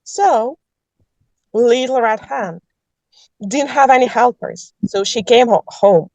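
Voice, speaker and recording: A woman improvising a children's folk tale, playful and halting, correcting her own slips as she goes. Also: on the high side, a little mellow, no room sound, highs cut off. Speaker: storyteller. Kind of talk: improvised storytelling.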